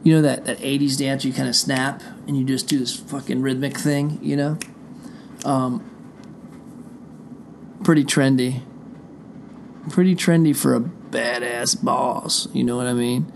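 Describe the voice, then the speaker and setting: Man, middle-aged, show host, gravelly voice, profane, rambling, indoor room. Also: mid-range voice, steady tone, unhurried, long pauses, a little hiss or hum. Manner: profane, digressive, talks straight to listeners. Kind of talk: rambling casual monologue. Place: indoor room behind a closed door.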